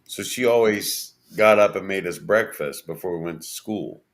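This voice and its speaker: A man co-hosting a podcast about paranormal topics, chatting casually with deliberate, drawn-out phrasing. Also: deep voice. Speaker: podcast co-host. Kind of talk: casual chat.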